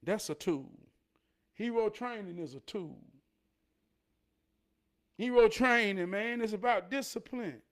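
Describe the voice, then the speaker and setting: High-voiced man preaching self-discipline. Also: expressive, takes it slowly, pauses often. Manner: preachy, storytelling, swings from loud to near-murmur. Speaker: motivational speaker. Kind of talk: motivational monologue.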